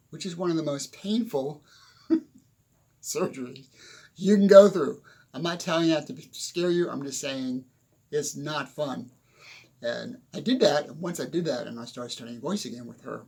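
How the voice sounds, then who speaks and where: An older man with a gravelly, husky voice gives a loose motivational talk from a stuffy little room at home. He rambles, chuckles at himself and drifts into asides while sweating through it. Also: medium pitch, a little mellow. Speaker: motivational speaker. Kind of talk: casual motivational monologue. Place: small home room, windows shut.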